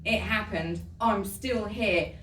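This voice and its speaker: A woman tells a personal story to an audience in a chatty, warm way, laughing often. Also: medium pitch, takes it slowly, slight background noise. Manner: chatty, laughing often, says "you know" a lot. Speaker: speaker giving a talk. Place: event hall. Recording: roomy hall, voice from far off.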